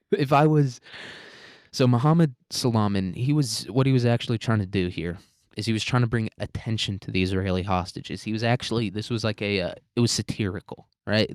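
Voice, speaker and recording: A man's voice: fairly low pitch, dry recording, clean studio sound. A man hosting a solo commentary podcast, rambling, sarcastic and heavy on swearing. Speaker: podcast host.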